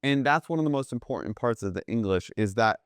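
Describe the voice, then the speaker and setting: A man teaching jazz drumming in a relaxed, explanatory way, often checking in with "right?". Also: medium pitch, quick pace, smooth, no room sound, studio quality. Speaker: drum teacher. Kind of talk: casual instructional talk.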